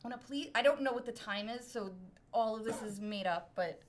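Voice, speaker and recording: A woman's voice: a little high, a little fast. A middle-aged woman from Brooklyn telling a story in casual chat as a podcast guest, laughing often and poking fun at herself. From Brooklyn, New York. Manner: laughs often, animated and self-mocking.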